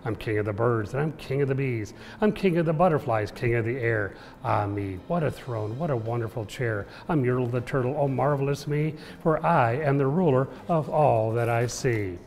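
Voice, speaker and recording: A man's voice: medium pitch, normal speed, hardly any pauses, darkish tone, natural voice. A man voicing a boastful, bossy male turtle king, bellowing orders while reading a children's book aloud in an echoey room. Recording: echoey room with long reverb.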